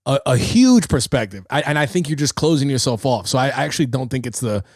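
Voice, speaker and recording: On his own livestream podcast, a young New Yorker spins stories fast and casually, cursing freely with animated energy. His pitch is medium, and the recording is dry with clean studio sound.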